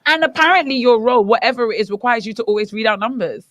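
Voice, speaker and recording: A woman from Africa co-hosting a morning radio chat show. She gives frank, teasing opinions with a lively, swinging pitch. Her voice sounds dry and close on the studio microphone. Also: fast talker, no room sound. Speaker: radio co-host.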